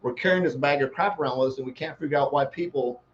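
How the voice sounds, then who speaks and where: A male life coach gives a fast-paced motivational talk, folksy and rambling, full of homespun analogies. His voice is a typical middle pitch, and the slightly dull recording carries faint background hiss.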